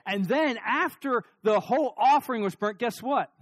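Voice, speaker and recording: A middle-aged man preaching a sermon, telling stories with lively emphasis, asking the congregation questions, and dropping to a near-whisper for serious points. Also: very high voice, moderate pace, no echo. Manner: animated storytelling, rising emphasis and sudden drops to near-whisper. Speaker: pastor.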